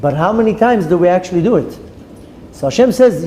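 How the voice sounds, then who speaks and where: With a high, expressive, warm voice and a brisk pace, a rabbi tells a story in his Torah class, acting out the characters dramatically and weaving in Hebrew words. The recording carries long reverb and a faint ambient hum.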